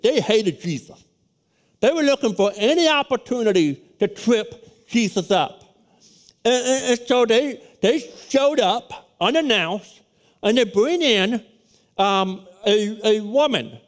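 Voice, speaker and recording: High-voiced loud preacher man. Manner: animated storytelling with many restarts. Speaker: pastor. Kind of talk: sermon with personal story.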